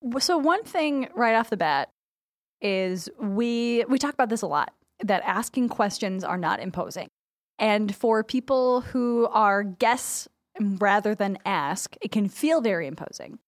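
A woman's voice: mid-range voice, expressive, unhurried, no room sound, studio quality. A woman co-hosting a podcast, telling chatty, upbeat anecdotes in casual conversation. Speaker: podcast co-host. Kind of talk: casual chat.

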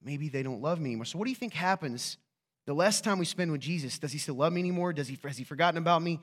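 A man preaching a sermon to his church in a conversational, joking way, asking rhetorical questions and swinging from quiet asides to loud, excited bursts. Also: a little high, racing. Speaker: pastor.

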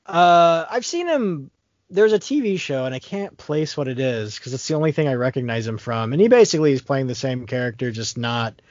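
A man's voice: mid-range voice, lively intonation, fairly quick, a little mellow, dry recording, muffled recording. A man casually talking through a movie's plot, rambling with lots of fillers and restarts. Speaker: podcast co-host.

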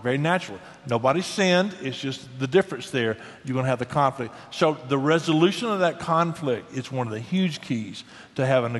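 A middle-aged man talking about marriage in an earnest, folksy way, often restarting his words. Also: medium pitch. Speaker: guest speaker on marriage. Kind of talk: casual Christian talk show conversation. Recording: long hall reverb.

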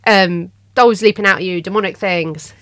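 A woman's voice: on the low side, normal speed, dry recording. A woman, a film journalist guest on a podcast, talking casually in a radio studio and acting out quotes. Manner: lively, acts out quotes, laughs. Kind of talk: casual film review chat. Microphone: studio microphone.

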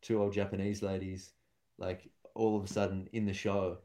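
A man's voice: deep voice, flat delivery, normal speed, mellow. A young man, a stand-up comedian chatting casually and acting out the voices of people in his stories. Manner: rambling storyteller, acts out quotes. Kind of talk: casual podcast chat.

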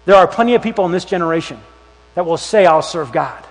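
Youth pastor guy preaching, high voice, big echo in a church hall, acts stuff out. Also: quick pace. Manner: animated storytelling, acts out voices with shouts and whispers. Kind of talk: sermon. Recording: long hall reverb.

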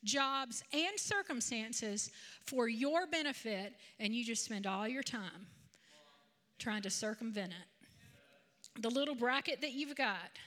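A woman's voice: fairly high pitch, takes it slowly. A woman in her fifties who is a grandmother, preaching a sermon that mixes personal stories with conversational asides. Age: 50s. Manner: conversational, animated storytelling with asides.

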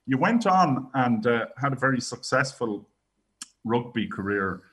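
A man's voice: mid-range voice, big pitch swings, measured pace, fairly bright tone, distant mic, low-quality recording. A man hosting an interview, asking questions hesitantly with fillers. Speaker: host.

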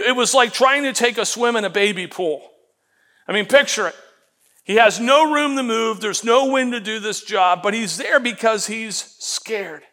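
A man preaching a sermon as pastor, animated and acting out the voices he quotes, often repeating words as he goes. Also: high voice.

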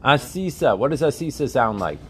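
A man's voice: mid-range voice, sing-song, moderate pace, a bit bright, a little hiss or hum. A man teaching a religious text class, often asking his students questions and checking that they follow.

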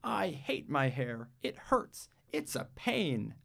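A man's voice: medium pitch, big pitch swings, slow, gravelly, a bit bright, pitched above the performer's own voice, heavily acted. A man reading a storybook aloud, voicing a whiny little girl who sulks about her hair.

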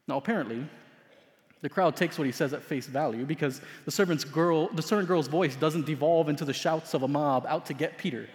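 A male pastor delivers a sermon, telling a story with dramatic swings between loud emphasis and hushed asides. His voice is slightly high and a touch quick. The recording has a long reverb, like a big hall.

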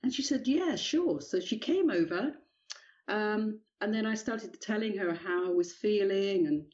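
A middle-aged woman with a British English accent, hesitantly sharing her personal testimony as an interview guest, with many pauses and ums. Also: mid-range voice, darkish tone, lo-fi sound. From England. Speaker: guest author.

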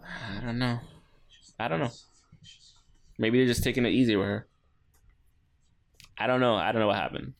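A man co-hosting a casual chat, swearing freely and mimicking others in loud, high-pitched voices. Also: fairly even intonation, moderate pace, long pauses.

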